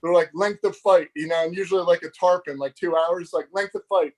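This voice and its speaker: A middle-aged man tells a fishing story in a high, bright voice. He keeps laughing and acts out what everyone said in the story, loose and chatty as a live-show guest. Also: brisk. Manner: animated, laughing, acts out dialogue. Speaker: fishing magazine editor, guest.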